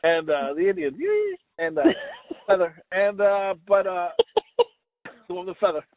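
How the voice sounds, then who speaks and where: Man, podcast co-host, crude jokes, lively pitch, tinny phone-like sound. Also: measured pace. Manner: crude, joking, laughs a lot. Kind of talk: casual chat.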